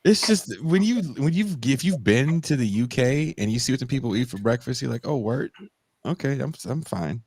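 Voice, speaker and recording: A man co-hosting a podcast, telling animated stories in casual chat and swearing freely. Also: medium pitch, fairly quick, hardly any pauses, no room sound. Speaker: podcast co-host.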